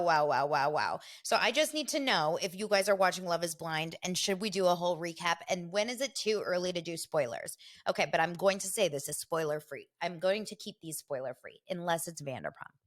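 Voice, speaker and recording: A woman's voice: on the low side, a bit bright. A middle-aged woman hosting a casual solo podcast, chatty and gossipy, often slipping into quoted voices. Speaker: podcast host.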